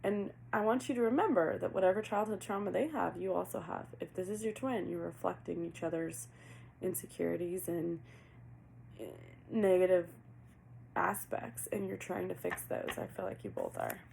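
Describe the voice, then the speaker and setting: Woman tarot reader, low gravelly voice, chatty and animated, asks questions aloud, faint hiss. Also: moderate pace, poor audio. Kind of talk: casual tarot reading.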